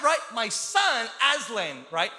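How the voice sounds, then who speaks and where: A man in his thirties preaching a conversational sermon as pastor, telling stories and rising into loud, excited preaching. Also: very high voice, slow, breathy edge, big-room sound. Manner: conversational, building to shouted preaching.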